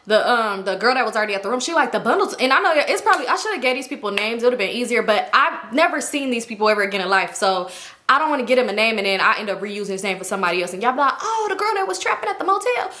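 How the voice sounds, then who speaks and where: A young woman telling a personal story in a casual, animated way, slangy and profane. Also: mid-range voice, very fast. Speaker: storytime YouTuber.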